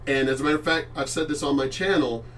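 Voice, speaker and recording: High-voiced man ranting and swearing. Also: fairly even intonation, fast, a bit bright, distant mic, a little hiss or hum. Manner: profane, emphatic, addresses a friend by name. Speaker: channel host. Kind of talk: casual ranting monologue.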